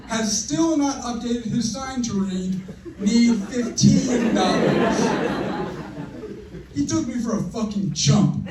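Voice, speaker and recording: A young man performing a stand-up routine with deadpan, crude punchlines. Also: sits high. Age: young adult. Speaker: stand-up comedian. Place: comedy show venue with audience. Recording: roomy, distant, faint noise.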